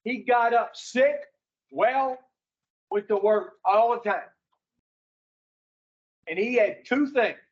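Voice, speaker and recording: A man's voice: very high voice, slow pace, pauses often, dull audio. A man speaking to an addiction recovery group in a folksy, preaching way, putting rhetorical questions to his listeners.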